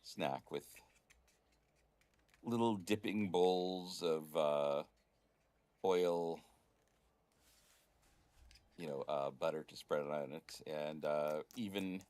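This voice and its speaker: A male game master narrates a tabletop game in a deep, low voice. He rambles through scenes, pausing often with fillers as he improvises the story. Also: darkish tone.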